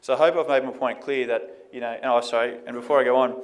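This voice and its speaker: A man's voice: mid-range voice, fairly even intonation, quick pace, a little hiss or hum. A man with an Australian accent, presenting market figures in a conversational way at a conference. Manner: conversational, fillers like "you know". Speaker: economist giving a presentation.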